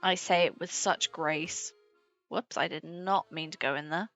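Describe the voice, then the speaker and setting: A woman's voice: lowish voice, level tone, a little slow, a bit bright. A young British woman streaming a puzzle game, chatting casually, swearing freely and laughing along with her chat. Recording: slightly dull sound with faint game music.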